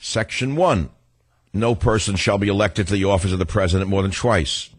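A man's voice: low voice, fairly quick, husky, no echo. A man hosting a political talk radio show, delivering a combative, sarcastic monologue.

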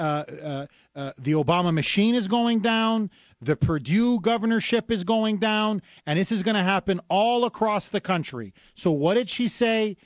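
Combative high-voiced radio host. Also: male voice, dry recording. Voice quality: emphatic, combative, repetitive. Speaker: radio talk show guest host. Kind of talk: opinionated talk radio monologue. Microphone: studio microphone.

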